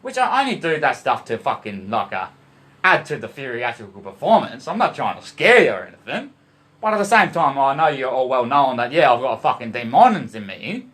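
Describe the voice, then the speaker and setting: Speaking in a medium pitch at normal speed, this man sounds very animated and fairly bright. He's an Australian vlogger rambling to camera, cursing constantly, playing loosely with ideas of emotion and love, and frequently calling out to "boys."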